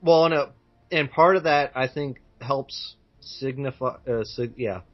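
A man co-hosting a podcast in casual chat, enthusiastic and halting, with frequent restarts. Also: medium pitch, dull audio, faint music behind. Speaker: podcast co-host.

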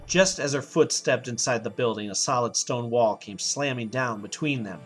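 A man narrating an action story in a steady reading voice. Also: medium pitch, normal speed, over music.

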